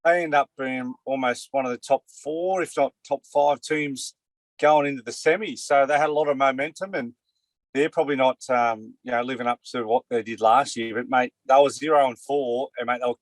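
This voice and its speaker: A man's voice: mid-range voice, normal speed, no room sound. A man with an Australian accent, talking in a rambling way in a casual sports chat and saying "mate" and "you know" a lot. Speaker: co-host, former player.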